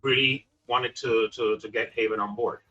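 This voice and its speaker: Wry co-host, bright but husky. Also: male voice, mid-range voice, steady tone, normal speed. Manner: wry, joking, swings loud and soft. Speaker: podcast co-host, gaming specialist. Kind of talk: casual chat. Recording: dull lo-fi sound with faint music.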